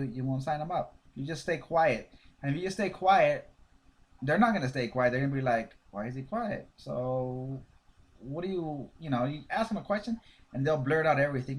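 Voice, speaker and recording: A man giving casual sales coaching in an animated way, acting out pitch dialogues with prospects. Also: fairly quick. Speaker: network marketing coach.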